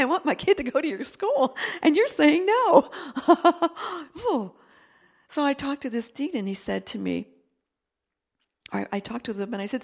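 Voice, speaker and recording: A middle-aged woman giving a sermon testimony, swinging between loud emphatic bursts and quiet, confiding asides. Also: medium pitch, vocal fry.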